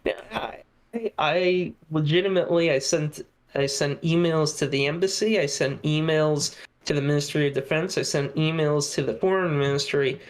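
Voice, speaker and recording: A man's voice: on the high side, fairly even intonation, moderate pace. Hesitant man chatting on a podcast. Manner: hesitant, many restarts and fillers. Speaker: podcast guest. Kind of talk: casual podcast chat.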